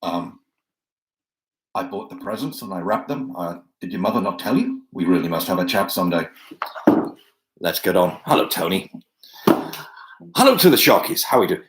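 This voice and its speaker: A man's voice: fairly low pitch, background noise. A man hosting a pub quiz from home on a video call, chatting and joking with lots of fillers. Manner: chatty, jokey asides, many fillers. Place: home room.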